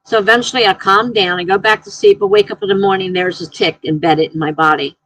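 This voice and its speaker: Husky-voiced woman chatting on a live stream. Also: medium pitch, fast talker, no room sound, low-quality recording. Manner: chatty, reads viewer comments aloud and tells excitable anecdotes. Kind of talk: casual live-stream chat.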